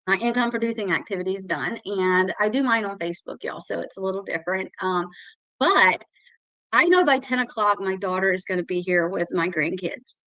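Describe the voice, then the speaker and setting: A woman's voice: medium pitch, brisk, pushed and bright, dry recording, poor audio. A middle-aged woman, sharing her success story in a chatty, emotional way on a live call. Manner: chatty, emotional, says y'all often. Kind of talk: casual testimonial on a live call.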